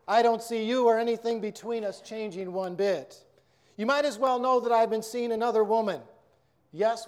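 A man's voice: high-pitched, a little mellow, natural voice. Man reading as a cold, curt husband. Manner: abrupt, dismissive.

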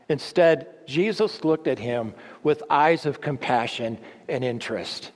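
A man's voice: mid-range voice, a little slow, hardly any pauses, big-room sound. A man preaching a teaching sermon, earnest and full of rhetorical questions, often restarting his phrases.

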